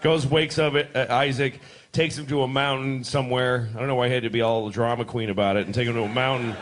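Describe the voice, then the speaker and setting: A man doing a stand-up routine on a club stage, acting out characters with sudden shouted bursts. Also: medium pitch, fairly even intonation, fast talker. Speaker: stand-up comedian. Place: comedy club stage before a laughing audience. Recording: live club recording with crowd laughter.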